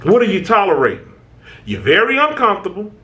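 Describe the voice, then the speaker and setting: Casting: man, high and lively voice, casual preachy self-help talk, restarts and tag questions. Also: a little fast. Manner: animated, preachy, conversational with repeated "right?"; informal American speech, stammering restarts. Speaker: channel host.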